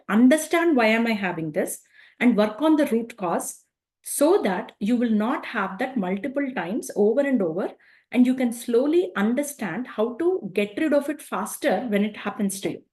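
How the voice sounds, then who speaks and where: A woman with a fairly high voice talks through a self-help lesson, conversational and unscripted. She keeps checking in with her listeners through tag questions. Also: a little mellow. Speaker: speaker on emotions. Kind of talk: spoken self-help talk.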